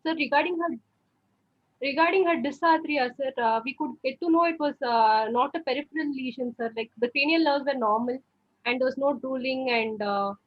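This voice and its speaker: A woman's voice: sits high, a little fast, lo-fi sound. A woman presenting a case as a postgraduate student, deferential and hesitant, saying "uh" and "sir" often. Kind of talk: case presentation answering examiner.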